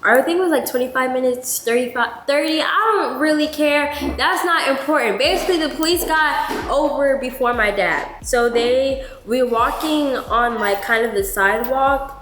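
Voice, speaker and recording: Woman vlogger, slightly high voice, chatty storyteller, roomy noisy recording. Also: normal speed. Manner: chatty, animated storytelling, heavy "like" filler. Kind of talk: storytime vlog. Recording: roomy with background noise.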